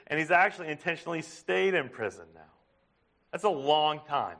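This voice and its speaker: A man preaching a sermon, emphatic, asking his listeners questions and slowing down to stress a point. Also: fairly high pitch, big pitch swings, a bit bright. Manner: emphatic, asks the congregation questions. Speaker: pastor.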